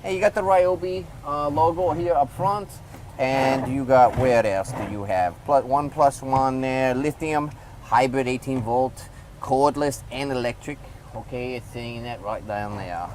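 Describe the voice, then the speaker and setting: A man's voice: mid-range voice, unhurried, a little mellow, slight background noise, low-quality recording. A man giving a casual hands-on product review, rambling loosely and talking to the viewer as he demonstrates.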